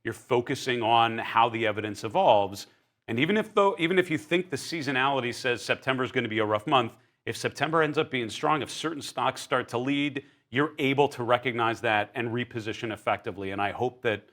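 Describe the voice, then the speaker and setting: A male guest strategist with a bright, forward tone, explaining market ideas carefully. He often checks in with "right?" as he talks in a studio. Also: medium pitch, a little fast. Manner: thoughtful, explanatory, hedging with "right?". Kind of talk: casual market chat.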